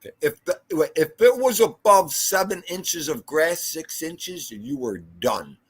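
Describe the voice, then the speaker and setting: A man's voice: a little high, very animated, a little slow, husky. A man co-hosting a livestream podcast who tells stories in casual chat and keeps checking in with "okay?". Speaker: livestream co-host.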